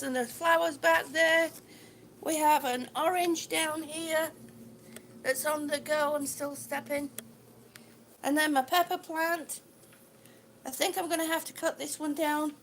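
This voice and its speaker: Lady walking round her house on a live stream, real high bright voice, slow, kinda out of breath, calls everyone sweetie. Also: slight background noise. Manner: warm, greets viewers by name, calls them sweetie. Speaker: vlogger on a livestream. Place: indoors at home. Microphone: phone on a gimbal held while walking.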